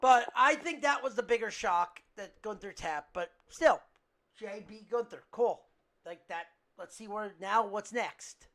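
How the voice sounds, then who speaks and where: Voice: mid-range voice, measured pace, fairly bright tone, slight background noise. A podcast co-host in a casual wrestling chat, laid-back and wisecracking.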